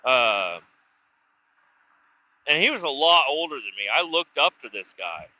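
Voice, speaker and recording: A man's voice: mid-range voice, sing-song, unhurried, bright, forceful tone, dull audio. A man telling a personal story in a casual, rambling way, swearing often, restarting sentences and acting out both sides of conversations. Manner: profane, rambling, full of restarts and acted dialogue. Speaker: vlogger telling stories. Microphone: self-recorded camera or phone mic.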